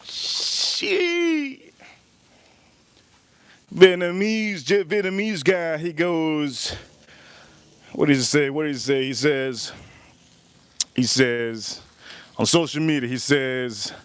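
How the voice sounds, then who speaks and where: Speaking slowly with frequent pauses, this man runs a casual outdoor grilling livestream where he jokes around and reads viewer super chats aloud while chatting. His voice is on the high side, clear and resonant, in a dry recording.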